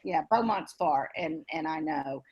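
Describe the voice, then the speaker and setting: A woman's voice: sits low, lively intonation, a little slow, breathy edge, dull audio. A woman with a Texan accent, leading a group video call in a folksy, chatty way.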